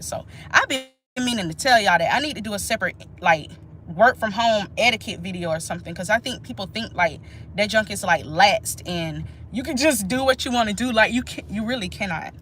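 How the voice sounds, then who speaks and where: A woman's voice: medium pitch, brisk, a bit bright, slight background noise. A woman, chatting casually and emphatically to her viewers during a live stream. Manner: chatty, emphatic, talks straight to viewers as "y'all". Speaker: nurse and channel host.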